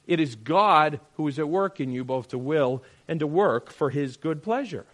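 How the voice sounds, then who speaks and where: A man leading a Bible study group, teaching in an animated, questioning way and acting out quotes. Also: on the high side, moderate pace.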